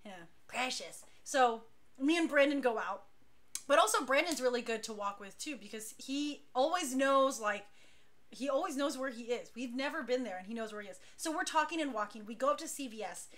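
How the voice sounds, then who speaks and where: A woman leading a dance crew, telling stories casually on a talk show, chatty and animated, laughing now and then. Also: high voice, moderate pace.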